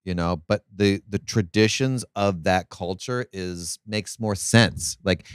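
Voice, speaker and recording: Guy rambling on a podcast, lowish smooth voice, dry sound. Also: takes it slowly, no room sound. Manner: rambling, with restarts. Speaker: podcast co-host. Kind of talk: casual chat.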